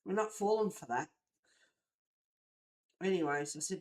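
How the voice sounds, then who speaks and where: A woman, hosting a livestream and chatting casually while colouring, telling a story in an animated, gossipy way with the odd swear word. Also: fairly low pitch, moderate pace. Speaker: livestream host.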